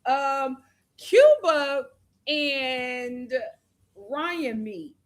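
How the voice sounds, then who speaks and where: High-voiced woman chatting in a live show review. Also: lively intonation, drawn-out words. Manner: chatty, opinionated, acts out cast members' lines.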